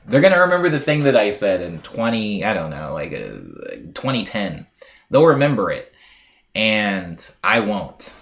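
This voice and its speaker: A man's voice: on the low side, huge pitch swings, a little slow, vocal fry, fairly bright tone. A young man from the United States rambling casually as a live streamer, reading viewer messages aloud and chatting playfully with lots of fillers.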